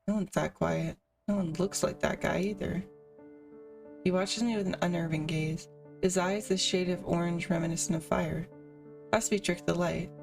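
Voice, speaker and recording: A woman's voice: on the low side, vocal fry, a little mellow, far from the mic. A woman streamer reading a visual novel aloud, with casual asides between the narration.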